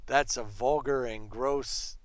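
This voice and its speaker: A man leading a casual Bible study, retelling scripture in an animated, conversational way. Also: medium pitch, slow pace, no room sound, rough recording.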